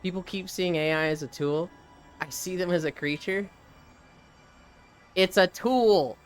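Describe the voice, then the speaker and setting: A live streamer chatting casually while walking on a treadmill, reading chat aloud and telling stories with lively animation. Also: mid-range voice, moderate pace, faint music behind. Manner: reads chat aloud and riffs, animated storytelling.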